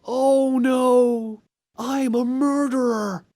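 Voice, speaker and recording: A man's voice: very high voice, fairly even intonation, drawn-out words, warm tone, dry recording, voice pushed up, exaggerated voice. A man putting on the voice of a whiny, mock-tragic young man, overacting on purpose.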